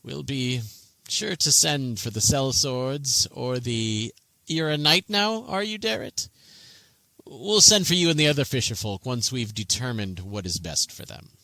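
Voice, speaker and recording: Man doing an arrogant young noble, haughty and sneering, slow drawl, bright sharp tone. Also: mid-range voice, lively intonation, vocal fry, no room sound, heavily acted. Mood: condescending. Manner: haughty, condescending.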